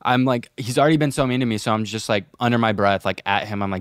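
A man's voice: lowish voice, fast, hardly any pauses, no room sound, studio quality. Young man rambling through a profane story. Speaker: podcast co-host. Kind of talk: casual storytelling chat.

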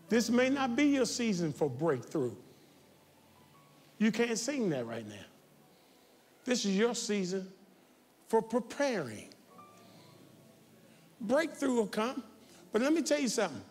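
A man preaching a sermon as pastor, talking straight to his congregation and building to shouted, confrontational calls. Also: sits high, very animated, slow pace, long pauses, faint music behind. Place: large church sanctuary. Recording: reverberant church sanctuary.

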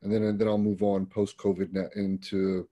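A middle-aged paramedic, appearing as a guest, tells stories from his job in a plain-spoken, conversational style, frequently restarting. His deep, mellow voice has little pitch movement and a moderate pace.

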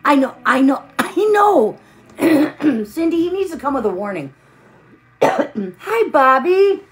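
A woman's voice: high voice, big pitch swings, takes it slowly. A tired woman hosting a live stream, chatting casually while she crafts and greeting viewers by name with pet names.

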